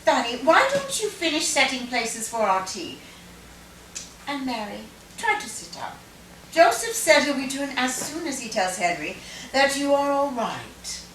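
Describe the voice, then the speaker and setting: A woman plays a caring hostess at a script reading, with a bright, high voice. The room is echoey and the mic is far off. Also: sing-song, unhurried, slight background noise, exaggerated voice. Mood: gentle. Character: caring hostess tending a patient. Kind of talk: table-read drama.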